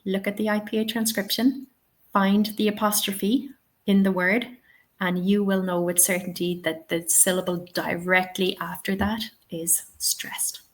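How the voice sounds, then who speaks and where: A woman's voice: medium pitch, flat delivery, moderate pace. A woman running a teaching webinar, encouraging and checking in often with "okay?" and "yeah?". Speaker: TEFL trainer.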